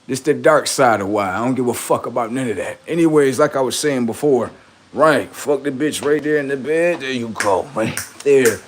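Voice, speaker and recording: A man's voice: medium pitch, moderate pace, a little hiss or hum. A man on a livestream, talking in a rambling, profane, boastful monologue, often laughing and acting out quoted voices. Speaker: livestream host.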